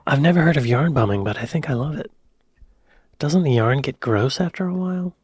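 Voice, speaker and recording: A man's voice: mid-range voice, animated, fairly quick, darkish tone. An American man with an American accent, hosting a reaction video in a chatty, rambling, easygoing way. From United States. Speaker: reaction channel host. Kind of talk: casual reaction chat.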